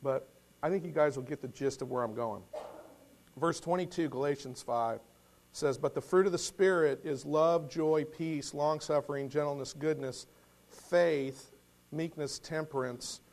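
A man's voice: on the high side, a little slow, darkish tone. Folksy man telling a sermon story. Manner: folksy storytelling with frequent restarts and throat clearing. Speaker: lay preacher. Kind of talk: conversational sermon with personal story.

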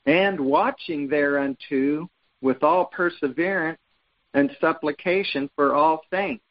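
A man's voice: fairly high pitch, slow pace, highs cut off. A man from the United States teaching a Bible study in an easygoing, conversational way, reading verses aloud and stumbling over words now and then. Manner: conversational, reads scripture aloud with frequent restarts.

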